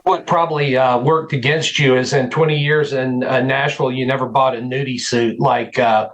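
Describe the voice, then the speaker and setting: A man speaking as a guest on a radio show, talking in a relaxed, reflective way. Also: mid-range voice, normal speed, rough recording. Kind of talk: casual interview chat.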